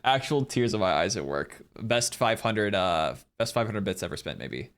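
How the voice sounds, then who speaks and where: A man's voice: on the low side, moderate pace, clean tone. A man live-streaming a game, chatting animatedly with his viewers and laughing often. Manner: animated and laughing, talks to chat. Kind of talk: live-streamed gameplay chat.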